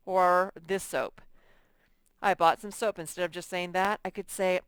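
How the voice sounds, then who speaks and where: A woman's voice: lowish voice, unhurried, fairly bright tone, clean tone, no room sound. A woman teaching a reading lesson to young children, drawing out words and sounding out letters. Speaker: first-grade teacher.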